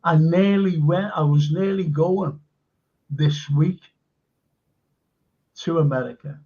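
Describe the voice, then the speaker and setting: A man's voice: a little high, slow pace, highs cut off. A man hosting a live-stream chat, telling stories enthusiastically with lots of fillers. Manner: rambling, enthusiastic storytelling with many fillers. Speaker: host.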